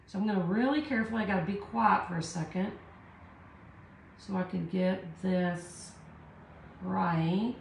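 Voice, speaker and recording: A woman's voice: fairly low pitch, vocal fry. A woman with a Southern US accent hosting a live art tutorial, chatting with viewers and talking herself through each step in a self-deprecating way. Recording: echoey room.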